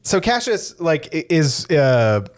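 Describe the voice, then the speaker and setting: A man's voice: fairly high pitch, sing-song, slow, slight background noise. A man co-hosting a podcast, chatting casually about films, hesitant and full of fillers. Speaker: podcast co-host. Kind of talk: casual film discussion.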